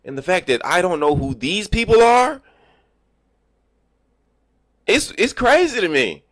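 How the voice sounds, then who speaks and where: A man livestreaming, telling animated, profane stories about work and acting out what people said. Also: sits high, unhurried, no room sound, clean studio sound. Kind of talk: casual storytelling chat.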